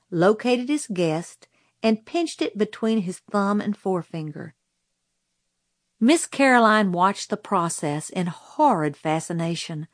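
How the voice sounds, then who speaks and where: A woman reading a novel aloud as a storybook narrator, in a measured, deliberate way. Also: on the low side, no echo, clean studio sound. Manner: slow, measured, deliberate delivery. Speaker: audiobook reader.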